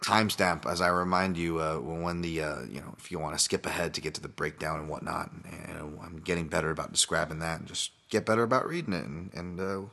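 A man's voice: very deep voice, fast, creaky, few pauses, bright, forceful tone. A man hosting a solo fight podcast, talking casually in a rambling, profane way with many restarts. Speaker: podcast host and fight analyst.

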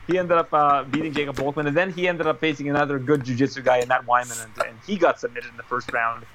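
A man talking as a guest on a casual chat podcast, telling stories quickly and with animation. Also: medium pitch, fairly even intonation, sharp tone. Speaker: guest analyst.

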